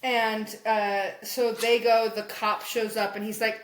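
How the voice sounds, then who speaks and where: A young woman podcast co-host recapping a comic in casual chat, animated and laughing as she acts out the characters' lines. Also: a little high, takes it slowly. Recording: echoey room.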